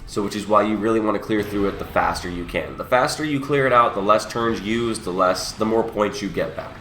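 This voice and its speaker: A man's voice: on the low side, a little fast, a bit bright, roomy sound, slight background noise. A young man with a cold, sniffly and a bit under the weather, casually walking viewers through a mobile game and correcting himself as he goes. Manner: explanatory, self-correcting. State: sick and sniffly. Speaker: gaming channel host. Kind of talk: casual game walkthrough commentary.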